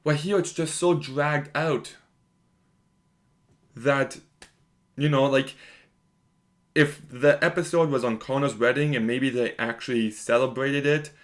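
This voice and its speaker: A young man at an average pitch talks straight to the camera in a casual video review. He is emphatic and conversational and leans on fillers as he makes his points. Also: fairly even intonation, unhurried, long pauses. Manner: emphatic, conversational, lots of "like" and "you know".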